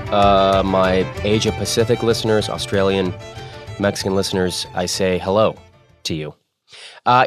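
Male podcast host, casual and jokey, dry close-mic studio sound, mid-pitched voice. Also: a bit bright, no echo. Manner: playful, jokey, self-mocking.

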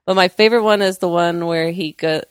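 A woman co-hosting a podcast, telling chatty stories and acting out the quotes, with a creaky voice. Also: lowish voice, steady tone, fairly quick, no echo, studio quality. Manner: chatty storyteller, acts out quotes. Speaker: podcast co-host. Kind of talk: casual chat.

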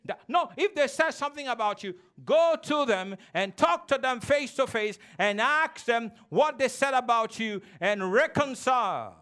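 A man's voice: very high voice, animated, measured pace, few pauses, fairly bright tone. A male pastor preaching a sermon to a congregation, calling for responses and acting out childish quarrels. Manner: preaching with call-and-response, mimicking childish voices. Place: church.

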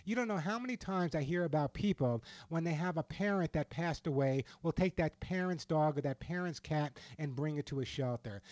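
Man, pet advice radio host, fairly high voice, dry close sound, dull lo-fi broadcast, earnest and reassuring. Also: dry recording. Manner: warm, emotional, gently reassuring advice.

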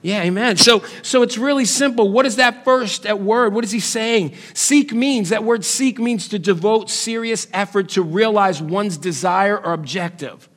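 High voiced guy preaching a sermon, emphatic, gets loud then drops real quiet. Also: normal speed, few pauses. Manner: emphatic preaching with dramatic swings in pitch and loudness. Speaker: pastor.

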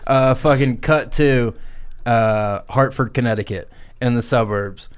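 A man's voice: medium pitch, unhurried, smooth. A man co-hosting a comedy podcast, telling a crude improvised story in a rambling way. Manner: rambling, crude, giggling asides. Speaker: podcast co-host.

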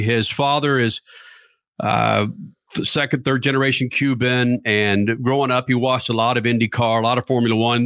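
A man hosting a motorsports radio show, talking energetically and reading promos quickly. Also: mid-range voice, dry recording, studio quality. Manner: energetic, fast promo reads.

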